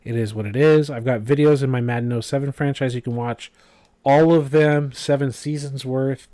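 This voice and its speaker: A man's voice: medium pitch, fairly even intonation, normal speed, dark tone, no room sound. A man giving casual, rambling commentary over a video game, full of fillers and asides. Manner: rambling, filler-heavy, conversational.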